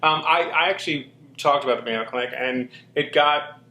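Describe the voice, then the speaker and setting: A man's voice: fairly high pitch, normal speed, bright, forceful tone, slight background noise. Man, slight lisp, earnest candid storytelling, interview guest, echoey room. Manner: open and earnest, with frequent ums and restarts. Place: walk-in closet, indoors. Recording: roomy room echo.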